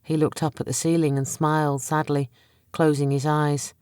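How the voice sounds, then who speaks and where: A woman's voice: sits low, flat delivery, normal speed, darkish tone, smooth, no room sound, studio quality. Woman narrating a dramatic audiobook. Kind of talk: scripted narration.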